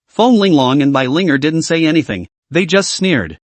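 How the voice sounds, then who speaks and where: A man reading a scripted story recap as narrator, in an even storytelling manner. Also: fairly high pitch, normal speed, hardly any pauses, no room sound.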